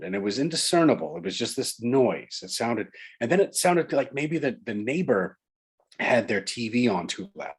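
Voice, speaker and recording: A man's voice: fairly low pitch, slightly rough. A man from Long Island, an author and guest, telling a ghost story in casual chat, building suspense through repetition. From Long Island, New York.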